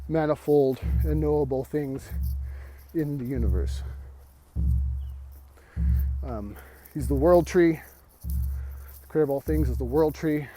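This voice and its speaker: A man teaching an esoteric lesson while walking outdoors, slightly out of breath, halting and restarting his words. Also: a little high, dark tone. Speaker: esoteric mystery school teacher. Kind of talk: rambling spoken lesson.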